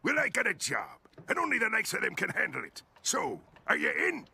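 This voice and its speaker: An actor voicing a swaggering male pirate dog who talks in gruff sailor slang, with music behind. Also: a little high, heavily acted.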